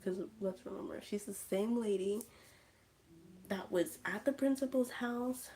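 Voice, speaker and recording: Retelling a film on her livestream, a woman speaks slowly in a medium-pitched, dark-toned voice. She lowers to a whisper at the suspenseful moments of this casual recap.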